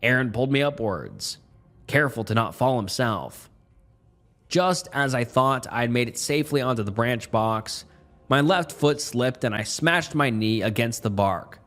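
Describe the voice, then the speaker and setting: A man telling a first-person horror story as scripted narration, in a tense, measured delivery. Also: medium pitch, lively intonation, fairly bright tone. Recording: faint music underneath.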